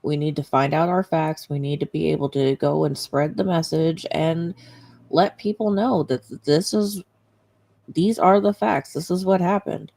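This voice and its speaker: A man's voice: a little high, steady tone, moderate pace, vocal fry, darkish tone. A man talking earnestly and emphatically on a live stream. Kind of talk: casual live-stream talk.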